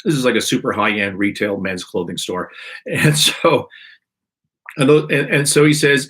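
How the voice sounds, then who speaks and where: With a husky, fairly bright, medium-pitched voice, a podcast host rants through a complaint story on a live stream at a fairly quick pace with lively intonation. He's exasperated and rambling, restarting often, and his irritated throat makes him clear it repeatedly.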